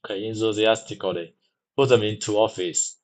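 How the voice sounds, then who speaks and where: A man reads aloud at a very slow, careful pace, stumbling and saying words over several times. His voice sits on the low side. He sounds like someone practicing English pronunciation. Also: rough recording. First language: Mandarin. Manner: halting, repeats words many times, restarts.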